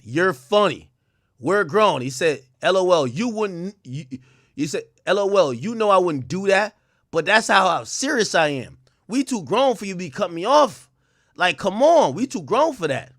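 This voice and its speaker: A young man streaming casually, reading messages aloud to his chat and reacting with loud outbursts. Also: a little high. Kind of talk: casual live-stream commentary.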